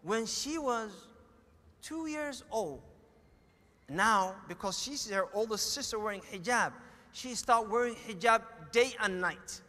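Man, Somali accent, middle-aged, high voice, echoey hall, sermon storytelling. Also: slow, sharp tone. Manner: storytelling, acts out quoted dialogue.

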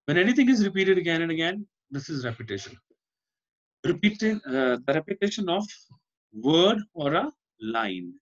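Over dull-sounding audio, a man with an Indian English accent teaches an online lesson at normal speed, his slightly high voice swinging widely in pitch. He leans on repetition to explain and keeps asking "Fine?".

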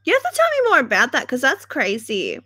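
Young woman live-streamer, slightly high voice; casual, dramatic, foul-mouthed chatter. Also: wildly swooping pitch, a little fast, pushed and bright, husky. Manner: chatty, swears freely, dramatic. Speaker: livestream host. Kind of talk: casual livestream chat.

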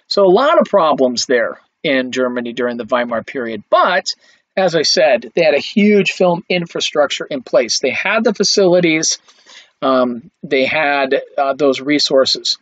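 A man's voice: on the high side, lively intonation, measured pace, fairly bright tone, no room sound. Chatty male film lecturer, dull recording. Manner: conversational, with frequent fillers and restarts.

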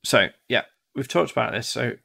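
Gravelly-voiced man tutoring casually. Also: medium pitch, moderate pace, sharp tone. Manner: chatty, acts out devices in silly voices. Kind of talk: casual one-to-one teaching.

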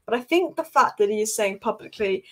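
A woman's voice: mid-range voice, animated, a little fast, a bit bright. A woman hosting a football channel, giving emphatic casual commentary and repeating her points.

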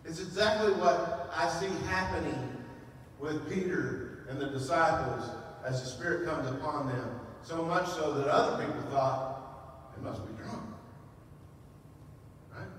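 A man's voice: on the high side, unhurried, a little hiss or hum. Man preaching in an echoey church. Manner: storytelling with quoted dialogue, conversational and animated. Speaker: pastor. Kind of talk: sermon. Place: church sanctuary. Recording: echoey church hall, voice from a distance.

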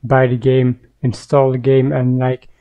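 Low-voiced woman rambling through a game. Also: monotone, unhurried, mellow, highs cut off. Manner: chatty, rambling, lots of fillers. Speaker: gaming youtuber. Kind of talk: casual game commentary. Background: game music.

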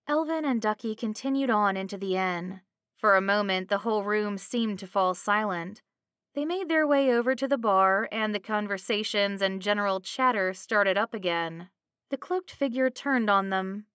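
Woman narrator, storybook reading, even delivery, dry close recording. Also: mid-range voice, moderate pace, clean tone, no room sound.

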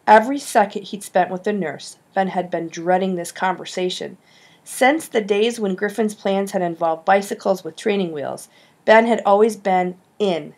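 Woman reading a children's novel aloud. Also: normal speed. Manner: reads dialogue with lively shifts in pitch. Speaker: audiobook reader. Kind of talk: storybook narration.

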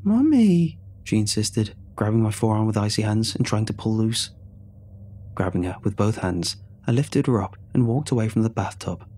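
Man, horror story narrator, low voice, measured and tense, faint hum behind. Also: fairly even intonation, darkish tone.

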